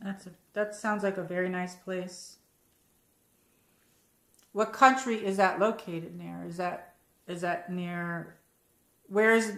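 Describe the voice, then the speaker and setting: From home, an American woman hosts a casual live-chat stream, rambling and reading out viewer comments. Her voice is mid-range and a bit bright, and the room sounds echoey.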